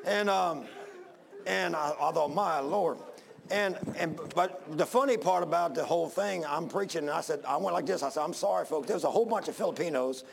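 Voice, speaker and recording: A man preaching with a gravelly, creaky voice set a bit high. He talks in a folksy, rambling way, stopping and restarting often. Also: brisk, noisy background. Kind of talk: sermon.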